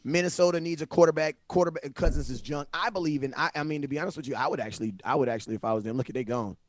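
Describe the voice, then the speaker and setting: A man hosting a livestream, talking sports in a casual, animated, slangy way and often repeating himself. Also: fairly high pitch, very fast, dry recording, clean studio sound. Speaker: livestream host. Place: home livestream setup. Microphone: phone.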